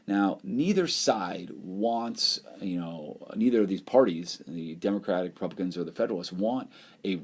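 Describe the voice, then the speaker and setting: Male teacher, deep mellow voice, casual lecture-style voice-over for a whiteboard lesson. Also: husky. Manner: loose, conversational explaining with frequent "you know" and "um". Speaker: history teacher. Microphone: voice-over over whiteboard slides.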